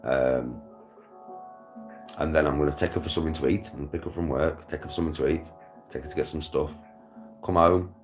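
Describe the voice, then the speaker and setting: A young British vlogger talks casually to his livestream viewers, swearing, using slang and laughing often. His extremely low voice keeps a fairly even intonation, moving fairly quickly but with frequent pauses. Soft music plays behind him.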